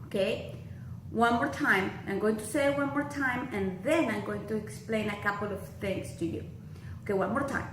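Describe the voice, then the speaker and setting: A woman's voice: mid-range voice, moderate pace, a bit bright, roomy sound, a little hiss or hum, low-quality recording. A woman with a Latin American Spanish accent teaching a language lesson, patient and repetitive as she drills examples.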